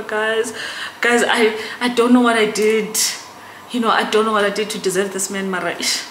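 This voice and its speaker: A woman's voice: medium pitch, fairly even intonation, moderate pace. A young South African woman vlogging casually to camera, chatty and emotional, often turning to her viewers. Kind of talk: casual vlog chat to camera. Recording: echoey room with background noise.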